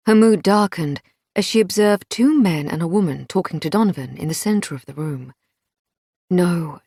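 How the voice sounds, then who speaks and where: A woman reading a crime thriller audiobook in a measured storytelling manner. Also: fairly low pitch, a little mellow, husky, no echo, studio quality. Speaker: audiobook narrator. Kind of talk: scripted narration.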